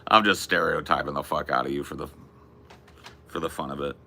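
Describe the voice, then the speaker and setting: A man's voice: very deep voice, a little fast, gravelly, bright, forceful tone, slight background noise. A man from California, chatting casually and profanely, laughing often. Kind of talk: casual chat with chat.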